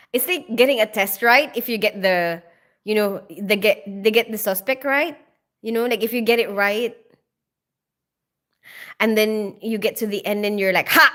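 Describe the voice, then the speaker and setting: A woman hosting a live stream talks in a somewhat high voice, loose and chatty as she greets her viewers. She giggles often and answers their questions in an easy, personal way. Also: a bit bright. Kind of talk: casual live-stream chat.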